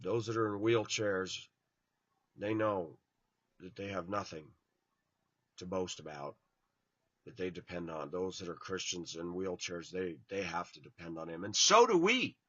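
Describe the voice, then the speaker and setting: A man giving a blunt, informal sermon to his online viewers, tired and yawning, his voice swinging from loud to hushed. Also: deep voice, level tone, unhurried, pauses often, slightly rough, no room sound, muffled recording. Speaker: online preacher.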